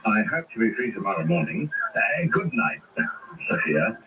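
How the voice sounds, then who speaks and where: An actor playing a courteous, cheerful young English gentleman doctor in an old radio drama. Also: fairly low pitch, big pitch swings, background noise. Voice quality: courteous, brisk. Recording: old radio broadcast, distant mic.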